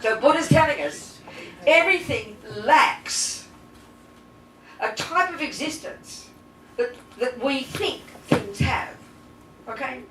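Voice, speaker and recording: A woman with a fairly high voice gives a live Buddhist class, blunt and animated, constantly asking her listeners rhetorical questions. She is picked up by a mic some way off, so her voice echoes around the room. A faint hiss runs underneath. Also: a little slow. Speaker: Buddhist nun teacher. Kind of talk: live dharma teaching to a class. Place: teaching room with audience. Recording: roomy echo, distant mic, faint hiss.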